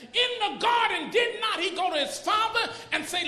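High-voiced preacher in an echoing hall. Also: male voice, animated, normal speed. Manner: impassioned preaching that builds to shouts, with repeated rhetorical questions. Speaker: pastor. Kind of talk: sermon. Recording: echoey hall with long reverb.

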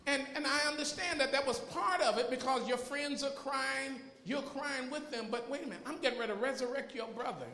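High-voiced preacher in an echoing hall. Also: male voice, fairly quick, few pauses. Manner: impassioned preaching that builds to shouts, with repeated rhetorical questions. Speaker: pastor. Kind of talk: sermon. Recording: echoey hall with long reverb.

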